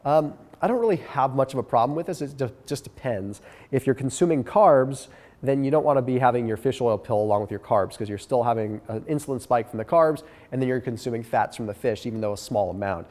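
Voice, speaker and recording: Fast-talking man, nasal from a cold. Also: medium pitch, darkish tone, in a large hall. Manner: quick, direct and coaching. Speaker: host answering viewer questions. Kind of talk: casual Q&A advice.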